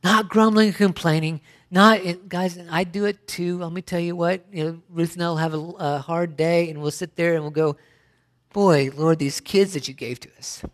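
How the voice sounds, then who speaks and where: A man's voice: on the high side, flat delivery, normal speed, few pauses, a bit bright. Middle-aged man, pastor preaching, emphatic, rhetorical questions, stop-and-start phrasing. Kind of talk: sermon.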